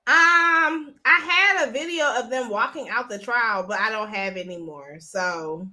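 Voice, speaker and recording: A woman's voice: a little high, measured pace, sharp tone. A woman hosting a live stream, talking casually and bluntly to her viewers and swearing freely. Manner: chatty, blunt, profane. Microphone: phone.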